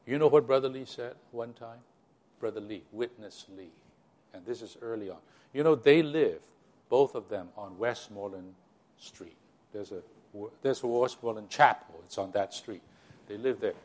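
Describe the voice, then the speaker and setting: A man's voice: mid-range voice, darkish tone. An older man speaking to a church gathering, recalling its early history in a rambling way, full of restarts and direct asides to his listeners. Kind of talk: sermon-style recollection.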